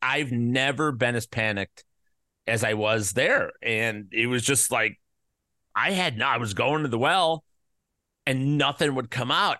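A male podcast host with a bright, forceful voice, recorded close and dry with no room sound. He rambles loosely and throws in crude jokes, and his voice sounds slightly worn from an illness he is getting over. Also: mid-range voice, unhurried, no echo. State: recovering from covid, voice slightly worn. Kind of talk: casual podcast chat.

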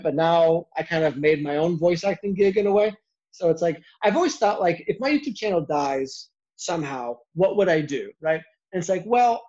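Chatty young man with a higher voice. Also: a little mellow. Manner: quick, chatty, lots of "like" fillers. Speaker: YouTuber guest. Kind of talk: casual interview chat. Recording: dull lo-fi sound.

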